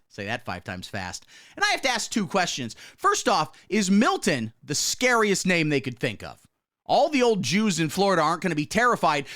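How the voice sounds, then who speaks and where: Swaggering satirical news host, man. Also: a bit bright. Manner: mock-pompous, swaggering delivery with sudden drops into low asides.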